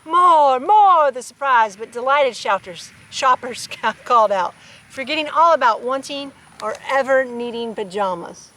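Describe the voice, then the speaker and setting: A woman's voice: fairly high pitch, moderate pace, bright, forceful tone, low-quality recording. A woman reading a children's picture book aloud outdoors on a farm, with playful asides to her animals. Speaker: storybook reader.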